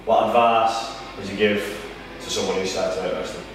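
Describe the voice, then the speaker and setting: A man's voice: on the low side, little pitch movement, moderate pace. A man asking brief, joking interview questions to a wrestler. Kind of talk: casual interview. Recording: echoey room from far off.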